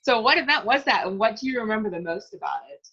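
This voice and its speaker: Woman interview host, bright and encouraging, slightly high, heard through dull lo-fi audio. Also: expressive, quick pace, husky. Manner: chatty and encouraging, laughs easily. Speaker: podcast interviewer. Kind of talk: casual interview.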